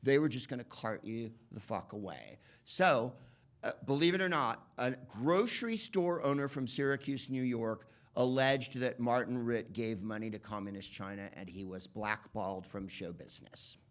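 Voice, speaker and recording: A man doing stand-up comedy, rambling and profane, slipping into quick voice impressions. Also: mid-range voice, expressive. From United States. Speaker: comedian and podcast host.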